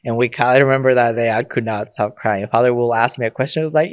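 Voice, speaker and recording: A man's voice: medium pitch, fairly quick, clean tone, no room sound. A man, a Catholic priest and podcast guest, telling stories in casual conversation, laughing often and acting out quoted lines.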